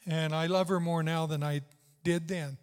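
A man's voice: on the high side, steady tone, normal speed, clean tone. An older man preaching a sermon with fervent, tender, repetitive emphasis. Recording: long hall reverb.

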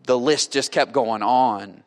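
A man preaching, telling a story with lively acted-out dialogue that swings from loud to hushed. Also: medium pitch, slow pace. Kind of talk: sermon storytelling.

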